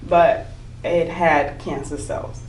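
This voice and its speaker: A woman's voice: low voice, steady tone, slow, a little mellow, recorded from a distance. A woman in her thirties, an interview guest, candidly telling a hard personal story and laughing through it. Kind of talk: emotional personal testimony. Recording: echoey room, voice from off-mic.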